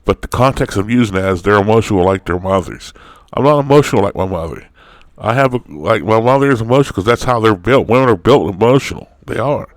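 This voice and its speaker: A man's voice: on the low side, quick pace, dry recording. A man hosting his own commentary vlog, talking in a blunt, profane, lecturing way. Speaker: host of an online commentary show. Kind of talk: opinion vlog monologue.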